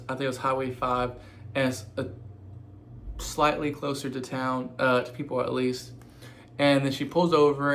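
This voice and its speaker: A man casually retelling a true crime story, halting with frequent fillers and self-corrections. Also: medium pitch, fairly bright tone, a little hiss or hum.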